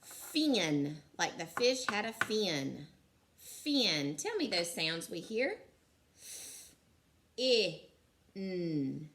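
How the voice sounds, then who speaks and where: Slow, bright-voiced woman teacher. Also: lowish voice, sing-song, a little hiss or hum. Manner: slow, clear sounding out of letters; encouraging. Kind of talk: recorded phonics lesson for young children.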